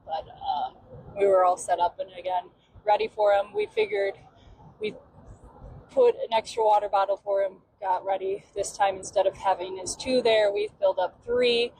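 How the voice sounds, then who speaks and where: A woman hosting a podcast who tells a story in a loose, chatty way with many "um" fillers. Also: mid-range voice. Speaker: podcast host. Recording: clear background noise.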